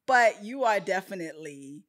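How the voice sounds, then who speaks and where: Bright, playful woman host. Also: mid-range voice, normal speed. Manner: playful, laughs often, animated asides. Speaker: podcast host. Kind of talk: casual podcast conversation.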